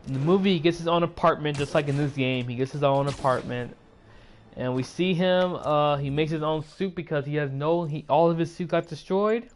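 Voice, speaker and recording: Sleepy rambling man, slightly high voice. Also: fairly quick, a little hiss or hum. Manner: rambling, filler-heavy retelling. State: sleepy and yawning; sore throat. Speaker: YouTuber. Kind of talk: casual movie recap.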